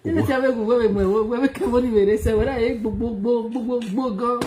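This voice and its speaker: A woman's voice: on the high side, a little fast, mellow. A woman with a Nigerian accent, giggling and teasing in casual banter, chanting words over and over. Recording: noisy recording.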